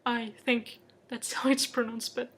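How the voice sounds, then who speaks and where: A woman's voice: on the high side, little pitch movement, measured pace. A young woman with a French accent, rambling casually through a self-deprecating voice-over for her journaling video. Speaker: bullet journal vlogger.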